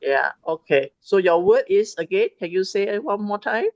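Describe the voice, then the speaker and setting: A woman's voice: mid-range voice, lively intonation, normal speed, darkish tone, no echo, lo-fi sound. A woman hosting an online youth meeting, chatty and prompting each speaker in turn, on a video call. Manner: chatty, prompting speakers, mixing in Malay words. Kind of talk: casual moderating of a video call.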